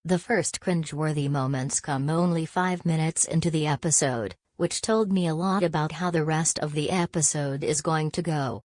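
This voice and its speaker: Woman narrator, deep voice, dry close sound, scripted gossip recap, steady even delivery. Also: moderate pace, few pauses, no room sound.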